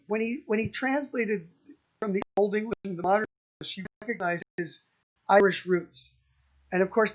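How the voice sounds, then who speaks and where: A male lecturer talks through a poem in a slow, unhurried way, often stopping and restarting his sentences. His voice sits fairly high for a man. The recording is dull and a little lo-fi. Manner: halting, many ums and restarts, slow and thoughtful. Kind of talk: university lecture.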